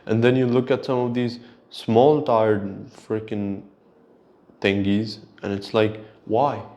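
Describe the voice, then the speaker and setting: A man's voice: lowish voice, level tone, slow pace, warm tone. A man hosting his own solo show, ranting in an exasperated, profane way. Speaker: podcast host. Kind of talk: solo rant.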